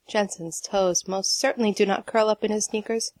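A woman narrating a piece of fiction in a steady storytelling manner. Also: mid-range voice, normal speed, few pauses, dry recording. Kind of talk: audiobook reading of fiction.

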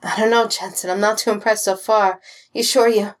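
A woman's voice: medium pitch, fairly even intonation, moderate pace, lightly acted. A woman voicing an impatient, pleading young man. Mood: grumbling. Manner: urgent, pleading and exasperated.

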